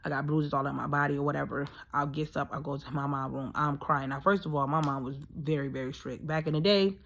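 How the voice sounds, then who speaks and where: A woman's voice: low-pitched, fairly even intonation, fast, creaky, fairly bright tone, muffled recording, slight background noise. Woman, 30s, casual storytelling, rambling, emphatic, many fillers.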